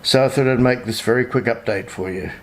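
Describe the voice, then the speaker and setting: A man's voice: mid-range voice, fairly quick, slight background noise. Indignant Australian man telling a story. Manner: indignant storytelling, retelling phone calls in his own voice. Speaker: vlogger. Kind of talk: casual vlog update.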